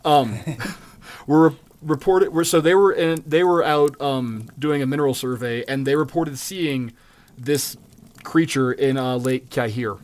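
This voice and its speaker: A man's voice: mid-range voice, measured pace, darkish tone. A man co-hosting a casual podcast, telling a story in a loose, joking way with plenty of fillers and swearing. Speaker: podcast co-host.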